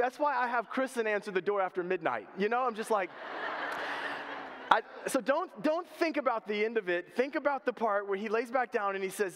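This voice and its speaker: High-voiced preacher. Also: male voice, fairly quick. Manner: animated storytelling with humor. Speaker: pastor. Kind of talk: sermon. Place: church sanctuary. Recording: reverberant church hall.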